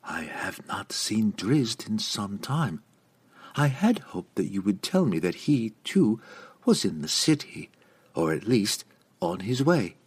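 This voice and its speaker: A man voicing a gracious noble lady mage who speaks politely in a measured, hushed way. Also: fairly low pitch, big pitch swings, breathy edge, exaggerated voice. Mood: gentle, polite.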